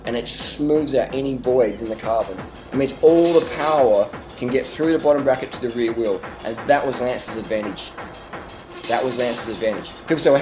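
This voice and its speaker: Aussie guy doing a sarcastic rambling rant, mid pitch, bit of faint music behind. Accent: Australian. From Australia. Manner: rambling, mock-serious irony, swearing. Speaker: vlogger.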